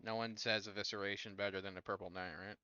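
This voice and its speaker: A man running an online tabletop game as game master, talking casually in a halting way with lots of fillers. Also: lowish voice, flat delivery, pushed and bright, smooth, no room sound, lo-fi sound. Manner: halting, many fillers and restarts.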